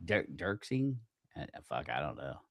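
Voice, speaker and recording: Cursing, easily riled podcast host. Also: male voice, deep voice, big pitch swings, unhurried, fairly bright tone, no room sound, studio quality. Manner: profane, easily aggravated, self-mocking. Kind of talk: casual livestream chat.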